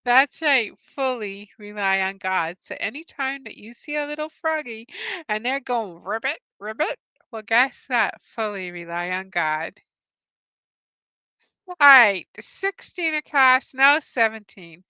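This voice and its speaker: A woman with a slightly high, bright voice hosts a live-stream Bible trivia game. She talks slowly and clearly, with a smooth, crisp sound. She is cheerful, laughs often and reads her viewers' answers aloud. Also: animated, dry recording. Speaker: host.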